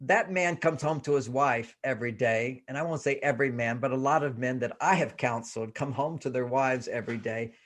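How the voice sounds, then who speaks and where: A man talking as a guest relationship author in a casual interview, animated and laughing, acting out little quotes as he explains. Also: medium pitch, brisk, few pauses.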